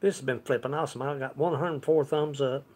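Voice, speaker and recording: A man's voice: mid-range voice, fairly even intonation, brisk, a little mellow. A man hosting a live music stream, chatting with viewers between songs in a folksy, laughing way over his acoustic guitar. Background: his own acoustic guitar.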